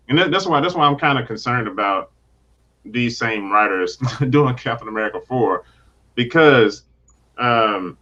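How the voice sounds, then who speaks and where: A man's voice: medium pitch, fairly bright tone, highs cut off. A man in a casual podcast conversation, animatedly acting out characters in quoted asides. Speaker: podcast guest.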